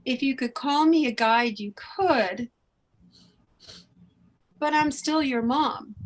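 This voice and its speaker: A woman voicing a loving departed mother speaking from spirit, tender, soft and reassuring. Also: sits high, takes it slowly, low-quality recording. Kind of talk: channeled spirit message.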